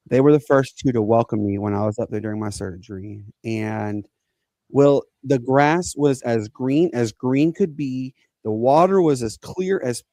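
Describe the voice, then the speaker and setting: Man, forties, earnest halting storyteller, podcast co-host, gravelly. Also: mid-range voice, a little mellow, dry recording. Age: 40s. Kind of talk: emotional personal story on a podcast.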